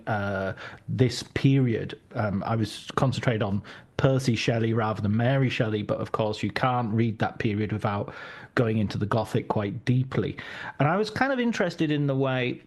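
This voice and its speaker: A man's voice: mid-range voice, darkish tone. Chatty man hosting an interview. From Cumbria, England. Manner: chatty, laughs easily, self-deprecating. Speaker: podcast host. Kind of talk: conversational interview.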